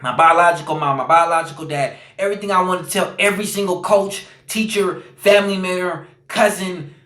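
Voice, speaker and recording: A man speaks as a podcast guest, earnest and searching, often repeating phrases and leaning on fillers. His voice sits a little high for a man. The recording carries a noticeable room echo. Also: fairly even intonation, brisk, bright, forceful tone. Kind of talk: personal storytelling.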